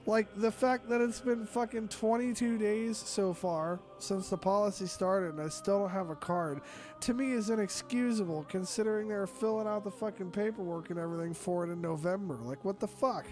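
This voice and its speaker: A man's voice: sits high, fairly even intonation, moderate pace, darkish tone, soft background music. A man with a cough, hosting a casual online chat and ranting with lots of swearing and exasperation. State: sick with a cough.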